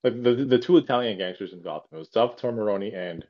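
A man's voice: on the low side, fast talker, muffled recording. A man co-hosting a casual podcast chat, rambling with many fillers and restarts. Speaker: podcast co-host.

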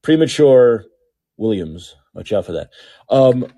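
Male podcast host, husky and mellow, lively sarcastic monologue with loud peaks and mumbled asides. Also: medium pitch, slow, dull audio. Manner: sarcastic, animated, swings from loud outbursts to muttering asides. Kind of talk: opinionated monologue. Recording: talking alone at home.

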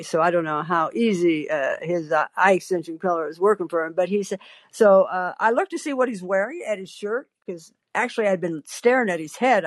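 A woman's voice: on the low side, no echo. A woman hosting a podcast, telling a story in a wry, theatrical way and acting out the lines of the people in it. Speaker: podcast host. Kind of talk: storytelling monologue.

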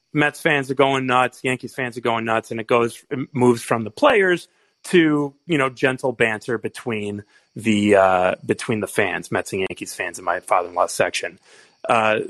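A man's voice: mid-range voice, a bit bright, no echo. A man calls in to tell a story, wandering through it with plenty of "uh" and "you know" along the way. His voice is recorded close and dry, with no room sound around it. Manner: rambling storytelling with fillers. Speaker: caller. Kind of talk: phone-in anecdote.

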